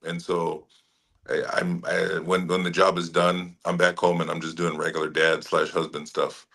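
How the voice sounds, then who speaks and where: A middle-aged man from Hawaii, an actor being interviewed, talking in a relaxed way with frequent laughs and restarts. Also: sits low, normal speed, gravelly. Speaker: actor guest. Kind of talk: casual interview chat.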